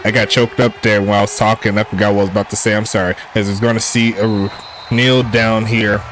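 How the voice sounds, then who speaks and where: A man calling a simulated football game play by play in a relaxed streaming style, joking with chat and rising on big plays. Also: fairly low pitch, fast talker, a little hiss or hum. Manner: laid-back, laughs at jokey player names, excitable on big plays. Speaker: play-by-play commentator. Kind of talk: casual sim football commentary.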